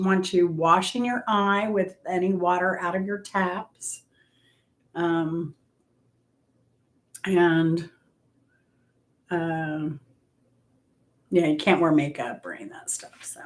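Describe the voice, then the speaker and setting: Woman, unhurried, casual rambling livestream chat. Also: lowish voice, steady tone. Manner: chatty and rambling, talks to viewers by name. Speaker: livestream host chatting with viewers.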